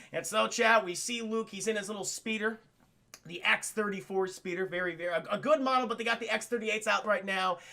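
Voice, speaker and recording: A young man streaming, retelling a film to his chat in an animated, profane, rambling way. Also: high voice, creaky. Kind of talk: comic movie retelling to chat.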